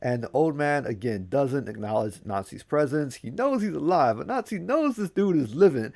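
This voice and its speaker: A man telling a folk tale in a relaxed, conversational way, with a slangy, casual manner, as an English teacher for learners. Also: medium pitch, moderate pace. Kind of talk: casual storytelling.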